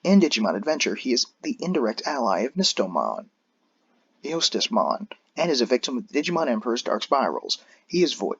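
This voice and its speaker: A young man giving a deadpan comedic dramatic reading of a fan story, dryly reading out even the punctuation. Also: medium pitch, slightly rough. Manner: dry, reads punctuation aloud. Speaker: reader. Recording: dull lo-fi dry recording.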